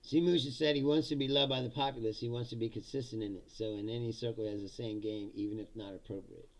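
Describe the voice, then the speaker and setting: Talking fast in a steady, medium-pitched voice, this political comedy host rants with sarcasm and heavy profanity. It's loose livestream commentary, and he reads chat comments aloud as he goes.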